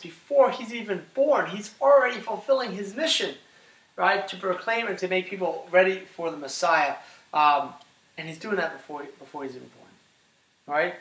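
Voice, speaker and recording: Guy teaching class, keeps saying right?, kinda high voice, roomy echo. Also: far from the mic. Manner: animated, asks the class questions, says "right?" often. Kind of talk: classroom lecture on scripture.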